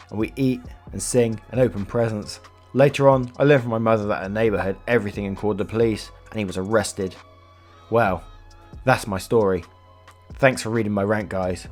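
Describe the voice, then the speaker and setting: A male narrator reading online posts aloud in a low-pitched, casual voice. He swears freely and chats between passages. Faint music plays behind him. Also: darkish tone. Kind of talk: reading Reddit stories aloud.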